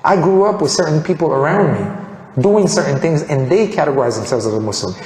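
This Colombian man, a convert, shares his personal testimony earnestly and with animation, voicing the people he quotes. His mid-range voice moves fairly quickly, and the reverberant room gives it a long, echoing tail over slight background noise.

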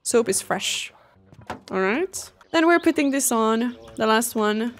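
Excitable young woman. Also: on the high side, takes it slowly, slight background noise. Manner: chatty, excitable, talks to chat. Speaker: gaming streamer. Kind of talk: casual let's-play commentary. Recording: faint game music behind.

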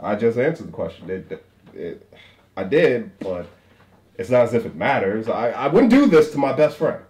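A man improvises his suspect's answers in a murder mystery party game, stammering and then laughing his way out. His voice swings widely in pitch as he talks. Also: very animated, moderate pace, darkish tone. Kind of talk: in-character improv among friends. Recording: echoey room.

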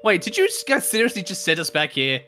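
A man's voice: sits high, sing-song, quick pace, sharp tone, faint music behind. A man co-hosting a let's play, making sarcastic, laughing asides in casual commentary.

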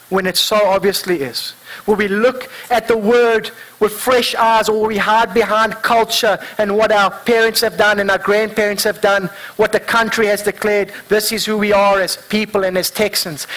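A man preaching a sermon in a church, asking the congregation earnest rhetorical questions and reading scripture slowly and deliberately. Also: high-pitched, fairly bright tone, low-quality recording. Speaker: pastor.

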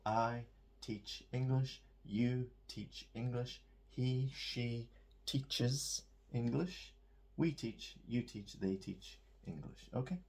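A man's voice: medium pitch, a little mellow, breathy edge. A man teaching an English grammar lesson, explaining tenses and often checking in with "okay?".

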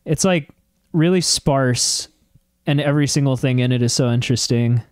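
A man's voice: mid-range voice, normal speed, darkish tone, smooth, no echo, clean studio sound. A man in a band chatting casually about his album during a livestream, laughing often and restarting his sentences. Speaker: band member.

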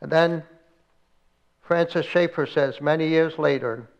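A man's voice: on the high side, steady tone, unhurried, creaky, dull audio. A middle-aged male pastor preaching a sermon, telling stories with dramatic acted-out quotes. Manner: dramatic storytelling, acting out quoted prayers with rising intensity. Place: church, recorded for an online service.

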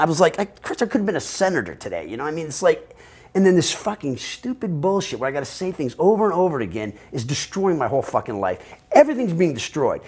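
Man, American accent, middle-aged, interview storytelling, rambling, profane, slightly high voice. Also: husky. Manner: profane, rambling, animated, quotes others in voices. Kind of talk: candid personal storytelling.

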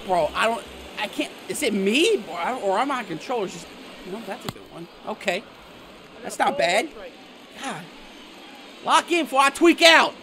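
A young man giving loud, swearing play-by-play reactions to a baseball video game, swinging from groans to shouts. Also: high voice, expressive, moderate pace, noisy background. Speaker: gaming YouTuber. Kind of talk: live gameplay reaction commentary.

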